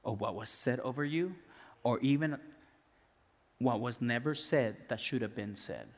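A male pastor giving a conversational sermon with restarts, dropping soft and low when he prays. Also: expressive, measured pace. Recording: long hall reverb.

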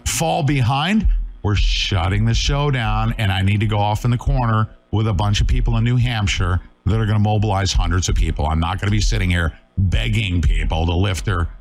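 A man's voice: lowish voice, moderate pace, creaky, soft background music. A middle-aged man hosting a live talk show, talking urgently and emphatically, scolding his viewers.

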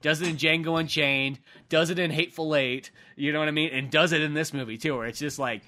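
A man's voice: fairly high pitch, steady tone, quick pace, sharp tone. A man chatting casually and profanely about a film, rambling with lots of fillers.

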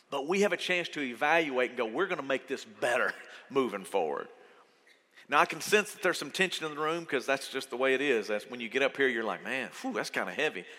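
A man preaching a sermon as pastor, earnest and conversational, going from soft to loud. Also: medium pitch. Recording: long reverb of a church hall.

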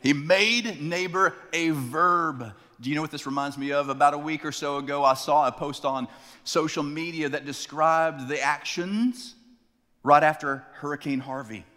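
A male pastor preaching a sermon in a church sanctuary, telling stories with dramatic slowdowns for emphasis. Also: fairly high pitch, fairly even intonation, a bit bright, long reverb tail.

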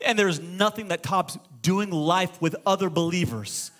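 A middle-aged man preaching a sermon as pastor, moving between loud exclamations and hushed storytelling. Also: high-pitched, unhurried. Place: church auditorium.

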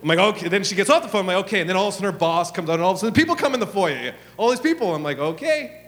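Animated male pastor in a reverberant hall. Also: high voice, rapid-fire. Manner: animated storytelling, acts out his own and God's lines, drops to hushed prayer. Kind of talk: sermon with storytelling and prayer. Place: church hall. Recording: long hall reverb with soft music.

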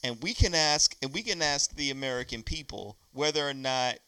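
Male podcast host, married, teasing and argumentative, with a smooth, crisp voice on a dry close mic. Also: medium pitch, moderate pace, sharp tone, no room sound. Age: adult, married. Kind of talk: casual banter.

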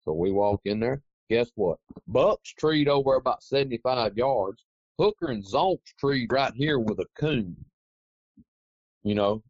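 A man with a medium-pitched, slightly rough voice speaks at a measured pace as an interview guest, telling a rambling, folksy story. His anecdotal retelling is casual and animated. The recording is dry, dull and lo-fi, with no echo.

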